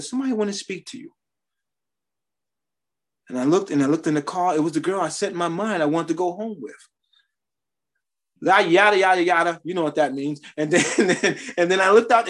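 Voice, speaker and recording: A man preaching a sermon, sharing his testimony in a conversational style with emphatic rises. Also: on the high side.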